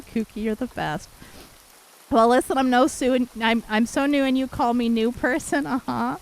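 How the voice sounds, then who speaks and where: A woman from Canada streaming live and chatting warmly with her viewers, affectionate and giggly, a little worn from losing her voice. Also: a little high, moderate pace, rough recording. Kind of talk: casual live-stream chat reading viewer messages.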